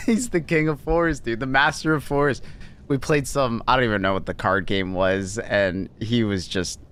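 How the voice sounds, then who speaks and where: A man's voice: medium pitch, moderate pace, fairly bright tone, clean tone. A man hosting a livestream in casual chat, laughing often and swearing loosely as he reads messages.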